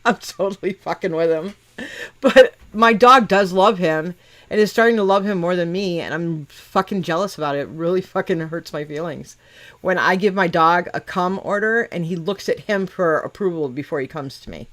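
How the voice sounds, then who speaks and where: A woman's voice: fairly low pitch, moderate pace, a bit bright. A middle-aged woman hosting a casual chat. She talks bluntly, swears constantly and teases the people she is talking with. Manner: profane, blunt and teasing. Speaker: podcast host.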